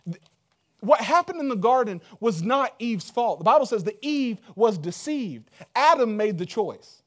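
A man's voice: sits high, big pitch swings, moderate pace, a bit bright. A man preaching a sermon in a loose, conversational way, joking and full of fillers. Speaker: pastor.

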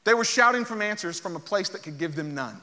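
A man preaching a sermon, reading scripture aloud and joking with animated energy. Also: high voice, fast. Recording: long hall reverb.

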